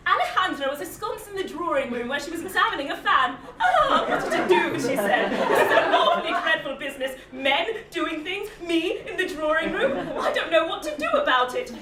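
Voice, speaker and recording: A woman's voice: very high voice, sing-song, a little fast, few pauses, a loud crowd. Woman improvising a mock-formal story. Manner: mock-formal period narration. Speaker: improv performer. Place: live show in a pub room. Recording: echoey room from far off, loud audience.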